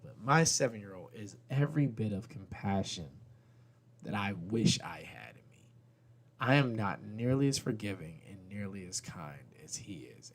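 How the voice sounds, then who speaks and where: A man's voice: on the low side, fairly bright tone, a little hiss or hum. A man in his thirties hosting a podcast, telling candid, rambling stories about his kids with casual swearing. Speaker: podcast host. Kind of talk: comedic storytelling monologue.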